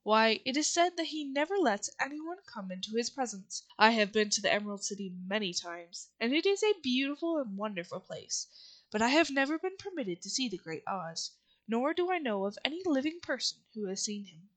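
A patient, thoughtful storybook farmer explains the world in measured tones, as a woman reads his lines aloud. The voice sits a little high for a man. It stays close to the reader's own voice. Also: sing-song. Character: thoughtful grown man, a friendly farmer host. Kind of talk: audiobook reading.

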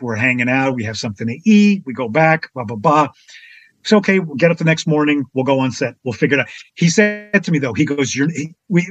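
A man as a podcast guest telling a casual anecdote in an animated way, acting out the other people's lines with big jumps in his voice. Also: no room sound. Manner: animated, acts out quotes with big pitch jumps.

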